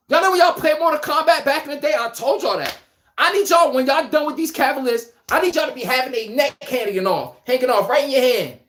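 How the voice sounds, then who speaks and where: A man hosting a live basketball talk stream, animated and trash-talking, laughing often and answering viewers by name. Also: very high-pitched, normal speed. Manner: addresses chat viewers by name. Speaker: podcast host. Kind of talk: casual live sports talk.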